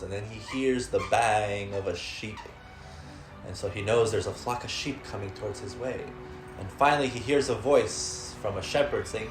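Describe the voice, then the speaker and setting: A man's voice: lowish voice, reverberant. Man casually telling a folk tale. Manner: relaxed, laughing, filler-heavy. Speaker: storyteller. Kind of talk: casual storytelling among friends.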